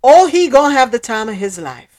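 Lively Jamaican woman hosting news chat. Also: on the high side, a little fast. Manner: animated, switches between patois and standard English. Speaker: podcast host. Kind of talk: casual news commentary.

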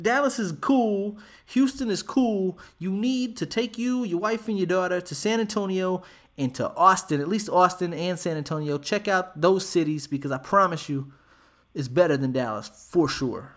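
A man's voice: high voice, a bit bright. A male podcast host interviewing a guest in a brash, playful, slangy way. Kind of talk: casual interview.

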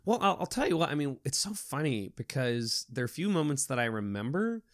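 A man who works as a hospital clown, telling stories in a lively, animated podcast interview with frequent restarts. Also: medium pitch, brisk, no room sound, clean studio sound.

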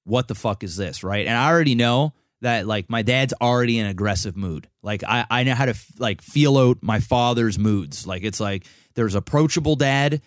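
A man's voice: medium pitch, normal speed, hardly any pauses, no room sound, studio quality. A young man co-hosting a podcast, telling a long personal story in casual, profane chat full of restarts. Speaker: podcast co-host.

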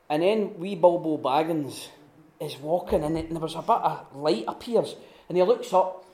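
A man giving an informal teaching talk at a retreat, telling stories with lively restarts and acted-out quotes. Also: on the high side, normal speed. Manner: animated storytelling with many restarts and acted-out quotes. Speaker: retreat speaker. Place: room at a retreat. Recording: echoey room.

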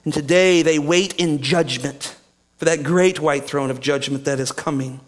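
A man preaching a sermon, reading scripture aloud and then explaining it with emphatic questions to his listeners, sometimes hushed and sometimes raised. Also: a little high, moderate pace. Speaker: pastor.

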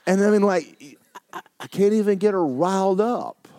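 An older man, preaching a sermon in a church. He moves between loud, urgent preaching and quiet, joking asides. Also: high voice, normal speed. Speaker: pastor. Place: church sanctuary.

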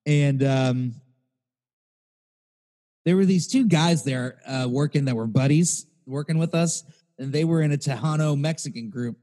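A man's voice: a little high, measured pace, dark tone, long reverb tail. A man co-hosting a podcast, telling a rambling, profane story in casual chat. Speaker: podcast co-host.

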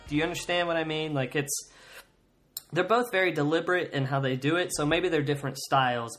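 A man's voice: a little high, fairly bright tone. A man hosting a comedy podcast, talking casually in a rambling way and often checking in with "right?". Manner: rambling, self-correcting, keeps asking "right?". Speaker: podcast host.

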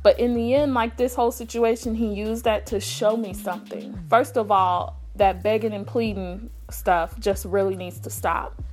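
A woman's voice: medium pitch, steady tone, normal speed, few pauses, darkish tone, faint music behind. A young adult woman hosting a casual faith talk, earnest and acting out her pleading prayers. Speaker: faith podcast host.

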